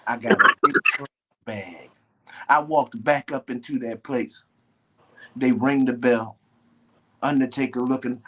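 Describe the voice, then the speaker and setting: Husky guest man, casual storyteller, slangy and profane, mid pitch. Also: measured pace, pauses often. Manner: animated, slangy storyteller who swears often. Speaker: guest, professional wrestler.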